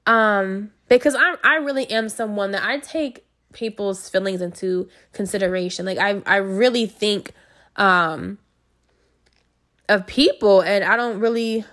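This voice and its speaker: A woman's voice: mid-range voice, measured pace, a bit bright. Chatty woman with many fillers. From United States. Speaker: speaker sharing personal experience. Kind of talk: casual personal talk.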